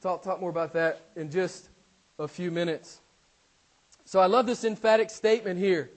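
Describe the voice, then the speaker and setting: Guy preaching in church, pretty high voice, punchy and emphatic. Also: normal speed. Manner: emphatic preaching, acts out voices of people blaming God. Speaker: pastor. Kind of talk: sermon.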